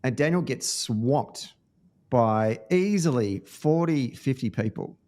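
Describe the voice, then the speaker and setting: A man's voice: mid-range voice, lively intonation, takes it slowly, dark tone. A man with an Australian accent, hosting a podcast and telling stories earnestly with lots of ums and restarts. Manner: earnest storytelling, with frequent fillers and restarts. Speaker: podcast host. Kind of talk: casual podcast conversation.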